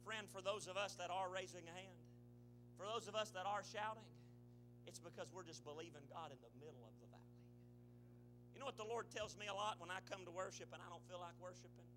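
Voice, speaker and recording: A male pastor preaching a sermon, swelling into shouts and then dropping to a low, quiet delivery. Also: brisk, over music.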